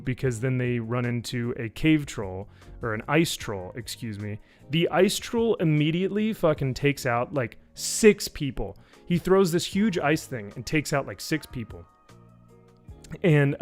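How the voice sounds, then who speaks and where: A man on a live stream recapping a show in a casual, rambling way, sarcastic and profane, with lots of fillers. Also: on the high side. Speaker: YouTube reviewer on a live stream.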